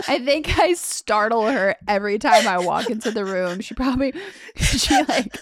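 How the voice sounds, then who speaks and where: A woman's voice: on the high side, moderate pace, dry recording. A young woman co-hosting a podcast in casual chat, rambling with many fillers and frequent laughs. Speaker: podcast co-host.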